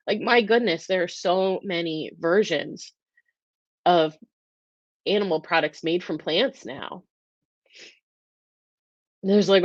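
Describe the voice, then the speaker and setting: A woman hosting a live-stream talk speaks earnestly and emotionally in a fairly low voice, rambling and restarting often. The recording has no echo and a dull, dry, lo-fi sound.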